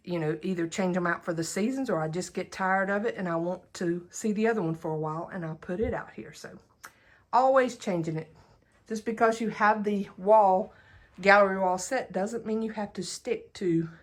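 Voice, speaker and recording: A woman with a Southern US accent talks her way around her living room, chatty and folksy as she narrates a home decor tour. Her voice sits a little low. She stays behind the handheld camera in her own home. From Southern United States. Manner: chatty, folksy, laughs easily. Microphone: camera held while filming, speaker off-screen.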